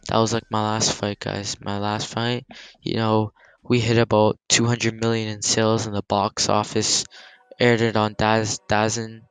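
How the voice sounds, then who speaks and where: A man's voice: lowish voice, monotone, measured pace, clear, resonant tone, dry recording, poor audio. A man, a gaming YouTuber, casually telling a story-time vlog, rambling with lots of fillers and some swearing.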